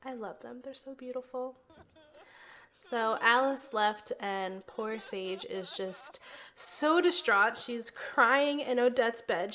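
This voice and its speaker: A woman's voice: fairly high pitch, a bit bright. A young woman hosting a let's play, narrating her life-sim game casually with lots of "um" and "like". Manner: chatty, many fillers and "like".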